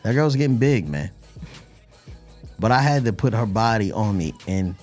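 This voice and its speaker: A man's voice: fairly low pitch, lively intonation, moderate pace, a little mellow, soft background music. A man in his thirties co-hosting a podcast, telling a playful story in casual chat. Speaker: podcast co-host.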